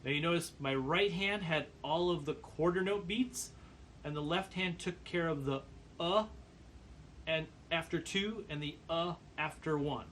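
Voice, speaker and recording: A man giving a percussion lesson, calmly explaining brush patterns and counting beats aloud. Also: on the high side, a little slow, a little hiss or hum. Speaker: percussion teacher. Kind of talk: instructional demonstration.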